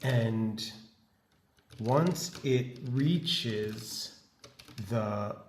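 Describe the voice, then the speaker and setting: A man dictating a prompt to an AI coding tool, in slow, halting phrases full of restarts. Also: mid-range voice, reverberant, a little hiss or hum. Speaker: web developer.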